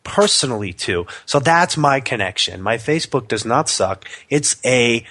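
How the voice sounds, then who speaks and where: A man's voice: medium pitch, animated, moderate pace, a bit bright, no echo. A man with a cold and a nasal voice, co-hosting a casual chat and joking at his own expense. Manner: joking, self-deprecating. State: sick with a nasal voice. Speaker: podcast co-host.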